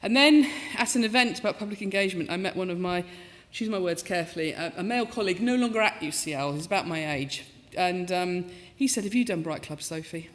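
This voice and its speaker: Woman in her fifties, talk with comic stories, self-mocking, lively pitch, long hall reverb. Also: fast, few pauses. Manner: lively, self-mocking, acts out quoted voices. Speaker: professor giving a talk. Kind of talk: storytelling talk with comic asides.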